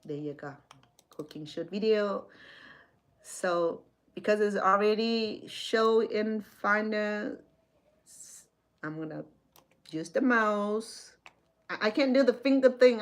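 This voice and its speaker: Chatty woman hosting a home livestream. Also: medium pitch. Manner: chatty, with frequent restarts and fillers. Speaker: livestream host. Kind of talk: casual tech walkthrough.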